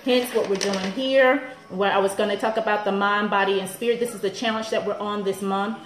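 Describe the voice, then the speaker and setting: A woman's voice: mid-range voice, fairly even intonation, a little fast, roomy sound, low-quality recording. A woman personal trainer in her thirties, chatting upbeat on a live stream to viewers and laughing often.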